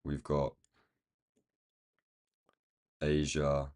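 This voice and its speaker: Deep, croaky man streaming trades. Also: monotone, drawn-out words, a little mellow. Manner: thinking aloud while marking up charts. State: croaky, feeling rough. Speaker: day trading livestream host. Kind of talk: casual live chart commentary.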